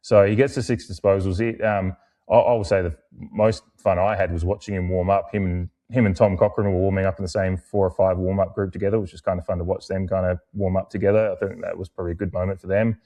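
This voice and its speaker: A young adult man, co-hosting a casual podcast, rambling with many fillers and restarts. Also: quick pace. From Australia. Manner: mimics other people in animated, higher-pitched bursts while retelling. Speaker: podcast co-host.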